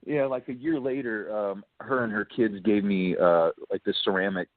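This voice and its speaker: A chatty man calls in to a radio show and spins a long story, acting out every line of dialogue and breaking into laughter. His voice sits fairly low and sounds dry and tinny, as if squeezed through a phone line. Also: normal speed, no echo. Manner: chatty, animated storyteller who acts out quotes and laughs often. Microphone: telephone.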